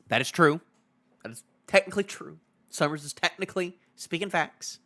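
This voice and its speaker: Young man, live stream reaction, excitable, laughs often, repeats himself, bright tense voice. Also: on the high side, moderate pace. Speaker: manga review streamer. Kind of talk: live casual reaction chat.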